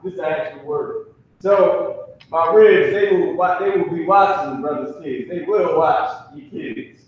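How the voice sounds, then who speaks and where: In a classroom with a whiteboard, a language teacher with a slightly high voice gives a casual lesson in loose slang, repeating each sound slowly for his students. He's far from the mic in a very echoey room, so the audio is muffled with slight background noise.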